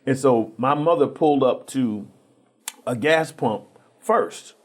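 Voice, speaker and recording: A man, a guest on a TV interview show, telling family stories in a relaxed way and acting out the people he quotes, with frequent restarts. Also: mid-range voice, slow. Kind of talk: storytelling in a TV interview.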